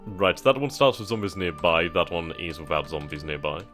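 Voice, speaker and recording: Deep-voiced man thinking out loud. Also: fairly quick, faint music behind. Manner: reads on-screen text aloud, thinks out loud with hesitations. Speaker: gaming channel host. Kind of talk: casual let's-play commentary.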